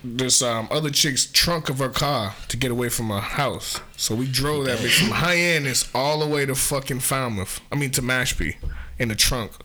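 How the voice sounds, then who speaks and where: A man's voice: mid-range voice, moderate pace, noisy background. A man hosting a casual podcast chat, loose and profane, acting out quotes. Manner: loose and profane, acts out quotes in raised voices. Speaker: podcast host.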